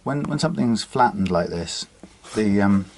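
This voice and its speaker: A man's voice: on the low side, expressive, moderate pace. A man working as a guitar repair technician, talking through his work in a casual, rambling way with frequent fillers and restarts. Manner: chatty, thinking aloud with many restarts and fillers. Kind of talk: casual workshop demonstration. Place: workshop bench. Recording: loud workshop filing noise. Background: file rasping and sanding on metal frets.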